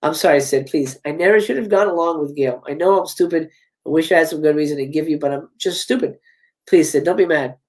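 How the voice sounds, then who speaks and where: A man's voice: a little high, quick pace, a little mellow, recorded from a distance, natural voice. A man voicing a nervous, apologetic young male film geek who pleads sheepishly, as part of a live script reading. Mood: pleading.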